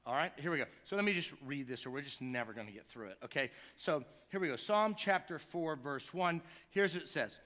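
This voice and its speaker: A middle-aged male pastor with a high, ringing, bright voice preaches in a church. His delivery is conversational and playful, with quick asides to the congregation, and it swells into impassioned pleading. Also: animated. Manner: conversational, jokey asides, rising to impassioned cries. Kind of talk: sermon. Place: church sanctuary.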